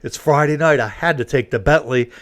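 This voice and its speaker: A man's voice: a little high, a little fast, fairly bright tone, natural voice. A man mimicking a smug, wealthy male concertgoer who brags about his cars.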